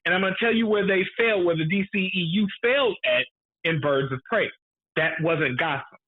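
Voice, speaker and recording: Emphatic high-voiced man on a tinny line. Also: brisk. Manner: emphatic, repeats lines for effect, swears freely. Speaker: podcast co-host. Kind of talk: casual movie review chat. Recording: narrow phone-like sound.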